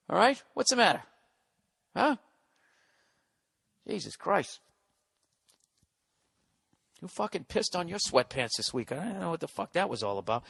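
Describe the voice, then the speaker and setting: A man's voice: high-pitched, very animated, normal speed, gravelly, pauses often, bright, forceful tone, slightly rough, in a large hall. A man in his forties hosting a podcast, ranting in a sarcastic, profane, combative way. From United States. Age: 40s. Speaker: podcast host.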